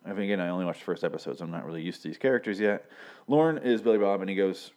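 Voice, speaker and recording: A young man from Michigan casually recaps a TV episode, rambling with lots of filler words and swearing as he quotes scenes. His voice is deep and a little mellow, with fairly even intonation and a quick pace.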